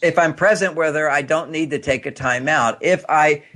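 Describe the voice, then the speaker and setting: A man's voice: a little high, normal speed, a bit bright. An older man, a guest on a talk show, explaining relationships in a chatty way with frequent restarts and fillers. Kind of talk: radio talk-show interview.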